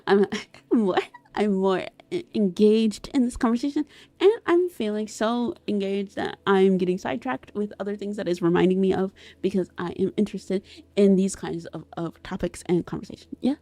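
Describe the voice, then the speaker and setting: Giggly streamer woman with vocal fry. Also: medium pitch, normal speed, dry recording. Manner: swings between squealing excitement and soft mumbling; giggly, reads chat aloud and answers it. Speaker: vtuber streamer. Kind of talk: casual live-stream chat.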